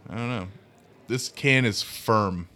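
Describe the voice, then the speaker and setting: A man's voice: lowish voice, takes it slowly, bright, forceful tone. A man co-hosting a casual beer-tasting chat, swearing and laughing as he stumbles through reading labels. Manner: laughing, profane, bumbling label reader.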